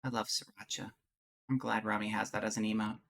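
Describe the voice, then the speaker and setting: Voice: mid-range voice, little pitch movement, fairly quick, gravelly, fairly bright tone, slight background noise. A streamer chatting candidly with viewers and reading a visual novel aloud, with a rambling, restart-prone way of talking. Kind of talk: casual chat and visual novel read-through.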